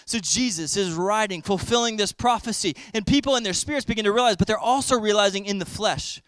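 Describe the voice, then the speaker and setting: A man's voice: sits high, brisk, a bit bright, clear, resonant tone, no echo. A man preaching a sermon, telling a story vividly and explaining word meanings to his listeners.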